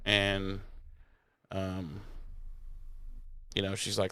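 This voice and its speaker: A man's voice: mid-range voice, expressive, unhurried, a bit bright, clean tone, dry recording. A man hosting a podcast, recapping an episode in a rambling, sarcastic and profane casual chat. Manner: rambling, sarcastic, swears freely. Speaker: podcast host.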